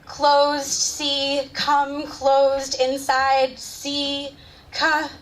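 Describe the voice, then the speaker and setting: An actress on stage as a bold woman who draws out each word, sounding it out slowly. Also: high voice, monotone, fairly bright tone, full character voice. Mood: savoring. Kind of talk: live stage monologue. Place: theater stage, live audience. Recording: distant stage mic, faint room noise.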